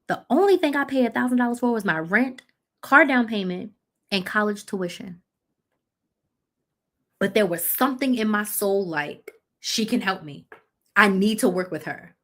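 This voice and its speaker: A woman in her thirties hosts a live chat as a business coach, her voice bright and forceful. She tells her story bluntly and with animation, stopping to correct herself on dates and details. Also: mid-range voice, expressive, moderate pace.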